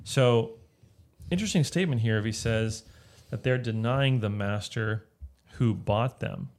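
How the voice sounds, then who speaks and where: A man's voice: mid-range voice, unhurried, darkish tone. A man leading a casual Bible study, explaining a passage step by step and often checking in with "right?". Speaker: Bible teacher.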